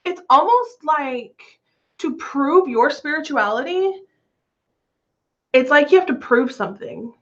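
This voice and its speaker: Chatty astrology vlogger lady, kinda high voice, muffled lo-fi sound. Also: lively intonation, measured pace, pauses often. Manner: chatty, laughs often, swears casually. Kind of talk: casual chat. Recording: lo-fi dull sound.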